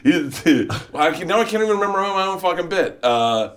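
A middle-aged man hosting a comedy chat while cooking, loud and rambling, often laughing. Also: high-pitched, expressive, a little fast. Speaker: host. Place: home kitchen.

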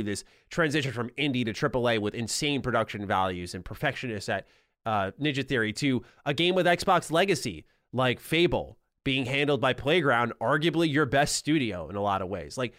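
A man's voice: mid-range voice, fairly bright tone, dry recording, studio quality. Rambling man hosting a gaming podcast. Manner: rambling, repeats words when thinking. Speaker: podcast host. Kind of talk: casual gaming podcast chat.

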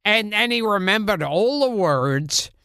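Podcast cohost guy, slow and drawn out, sharp bright tone, swoopy voice. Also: sits high, animated, no room sound, clean studio sound. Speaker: podcast co-host. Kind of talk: casual chat.

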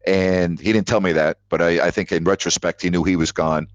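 A man's voice: low voice, steady tone, brisk, no room sound. A man hosting a call-in sports talk show, telling stories with emphatic repetition. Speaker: sports radio host. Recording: dull lo-fi audio.

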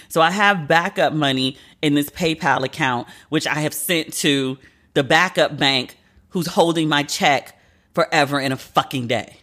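A woman's voice: low voice, fairly bright tone. A woman in her late thirties hosting a podcast alone, telling a story in a candid, profane, exasperated way. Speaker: podcast host. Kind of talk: casual solo podcast monologue.

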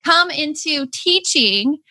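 A woman's voice: sits high, lively intonation, slow pace, pushed and bright, no room sound. A young woman co-hosting a podcast, chatting earnestly and eagerly. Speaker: podcast co-host. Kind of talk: casual chat.

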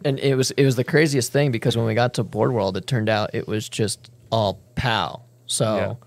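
A man, a snowboarder guest on a podcast, telling deadpan jokes in casual chat. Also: mid-range voice, normal speed, vocal fry, no echo. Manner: deadpan joking.

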